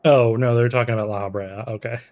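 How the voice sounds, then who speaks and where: A man's voice: medium pitch, steady tone, fast, highs cut off. Jokey man streaming a game. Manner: jokey, laughs often. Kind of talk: casual chat on a game stream.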